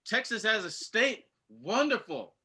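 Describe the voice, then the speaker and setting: A man with a high, very bright, sharp voice trades in sarcasm during casual comedic banter. His jabs are profane and deadpan. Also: unhurried, slightly rough. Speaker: comedian panelist.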